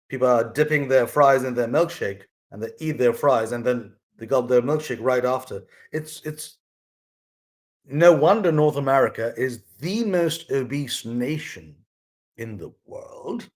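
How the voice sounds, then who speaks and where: A man's voice: medium pitch, animated, a little slow. Earnest man musing in a casual monologue. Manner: rambling, frequent restarts, earnest. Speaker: vlog host sharing his mother's lessons.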